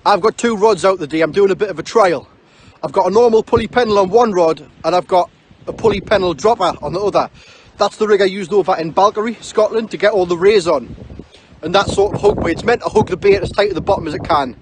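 A man with a high voice walks through his fishing setup plainly and matter-of-factly, out on an open beach. Faint wind hiss sits behind him. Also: fast. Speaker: angler vlogger. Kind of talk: casual outdoor vlog commentary. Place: open beach on a windy evening.

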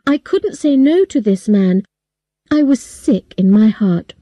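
Slow mellow woman storyteller. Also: on the high side, no echo, studio quality. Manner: slow, clear, even storytelling. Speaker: story reader. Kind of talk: slow scripted narration for English learners.

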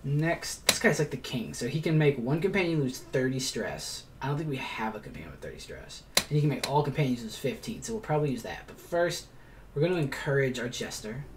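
A man in the middle of a relaxed let's-play session, talking his viewers through the game. He explains as he goes, drops the odd curse and mutters little asides, his pitch sitting in an ordinary middle range. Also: brisk, background noise. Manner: chatty, explains as he plays, swears and mutters asides. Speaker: let's player. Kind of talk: casual gameplay commentary.

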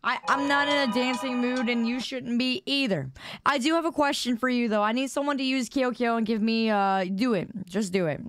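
A woman streamer, slightly hoarse, chatting casually and teasing her viewers, often stammering and repeating words. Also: fairly high pitch, fairly quick, fairly bright tone. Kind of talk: casual live-stream chat. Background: background music.

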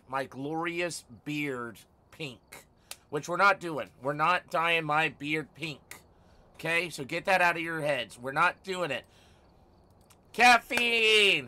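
Teasing, swearing male streamer, bright voice. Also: on the high side. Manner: teasing, swears a lot, bursts out loudly. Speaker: livestreamer. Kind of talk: casual live-stream chat.

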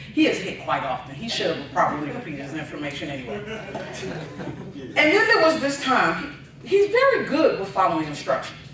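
A man delivers a comic speech full of family anecdotes, his voice leaping up and down with lively expression. He is heard from well back in a very echoey hall. A faint background noise sits under him. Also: high voice, recorded from a distance. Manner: storytelling with punchlines, animated. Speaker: speech contestant. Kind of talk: humorous speech.

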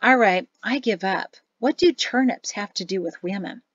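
A woman's voice: medium pitch, moderate pace, dry recording, lo-fi sound, natural voice. A woman voicing a wry, skeptical young man in an audiobook.

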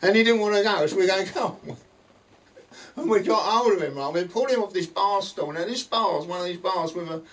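An older man tells a rock-and-roll anecdote at a book signing, animated and laughing, with halting restarts. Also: high voice. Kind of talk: anecdotal storytelling to an audience. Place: bookshop, indoors. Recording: distant mic with faint room noise.

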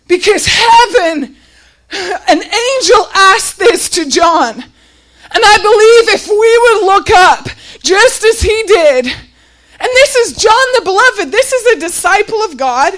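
A woman's voice: very high voice, lively intonation, slow, fairly bright tone. A woman preaching a sermon with passion, often near tears and raising her voice as she repeats rhetorical questions.

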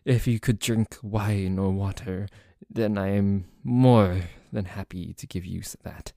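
A man's voice: lowish voice, fairly even intonation, a little slow, gravelly, dark tone, dry recording, clean studio sound. A man voicing a protective young French nobleman with a put-on French accent, commanding toward a rival and tender toward his partner, in an audio role-play. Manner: indignant, commanding, then tender. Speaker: voice actor.

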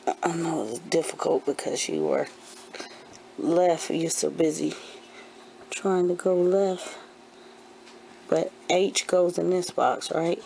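A mother in her forties teaches her kindergartner at the kitchen table. Her voice sits low, with a gravelly fry. She speaks slowly and gently, repeating each handwriting step until the child gets it. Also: flat delivery, slight background noise. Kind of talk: patient one-on-one handwriting lesson. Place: at home indoors.

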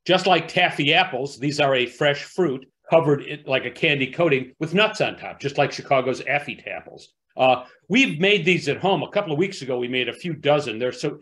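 A man's voice: on the high side, lively intonation, moderate pace, few pauses, fairly bright tone. Easygoing man explaining casually. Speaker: co-presenter. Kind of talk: casual talk.

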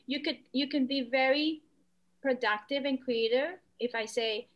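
A woman artist talking as a podcast guest, lively, acting out quoted voices. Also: measured pace. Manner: animated, acts out quoted voices with pitch jumps. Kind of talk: conversational podcast interview.

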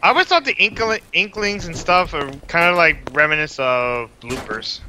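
An excitable man blurts and swears while gaming with friends. His voice is sharp and bright, a bit high, and lively in pitch. Faint noise sits under the voice-chat audio. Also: moderate pace. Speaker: player.

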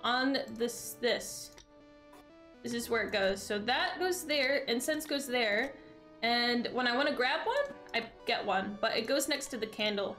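A young adult woman streaming a game, chatting excitedly with her viewers as she plays. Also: a little high, unhurried, soft background music. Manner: bubbly, excitable, talks to chat while playing. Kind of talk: casual gaming stream chat.

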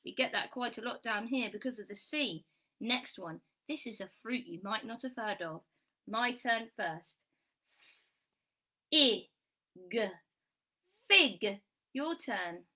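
A woman teaching a children's phonics lesson, praising warmly and sounding out letters slowly and clearly. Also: a little high. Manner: bright, encouraging, sing-song praise.

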